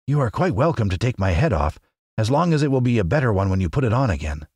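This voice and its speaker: A man voicing a cheerful, earnest male scarecrow in a high storybook voice. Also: sing-song, fast talker, darkish tone, breathy edge, no room sound, studio quality. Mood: eager. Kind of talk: audiobook character reading.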